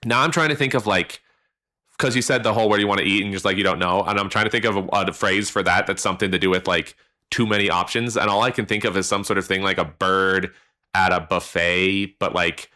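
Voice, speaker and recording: Bright-voiced man, rambling and jokey. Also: sits low, fast. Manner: rambling, jokey, trails off into tangents. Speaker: podcast co-host. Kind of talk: casual chat. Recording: slightly distorted audio.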